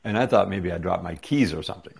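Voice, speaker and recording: Gravelly low-voiced man telling a story. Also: quick pace. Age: 40s or 50s. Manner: animated retelling with quoted dialogue. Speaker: interview guest. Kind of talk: casual storytelling.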